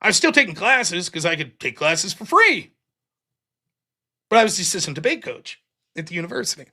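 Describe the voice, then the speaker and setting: A man hosting a live stream delivers a casual storytelling monologue, a long, wandering anecdote laced with swearing and fillers. His high voice has a sing-song lilt, a brisk pace, and a sharp tone.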